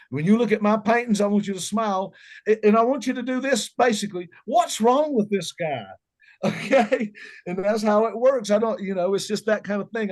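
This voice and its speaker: A middle-aged man with a Southern accent, telling folksy, joking stories as an interview guest. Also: high voice. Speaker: musician guest. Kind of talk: casual interview chat.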